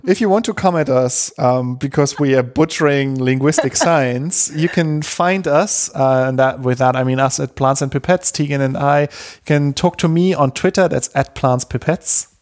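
A man's voice: medium pitch, normal speed, few pauses, darkish tone. A man from Germany co-hosting a podcast, chatting in an easygoing way. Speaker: podcast co-host. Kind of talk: casual chat.

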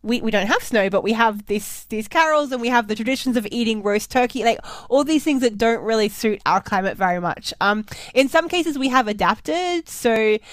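A woman's voice: a little high, lively intonation, normal speed, hardly any pauses, no room sound. A young Australian woman from Perth chatting casually with a wry, self-mocking humor and frequent laughs. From Perth, Western Australia. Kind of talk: casual chat.

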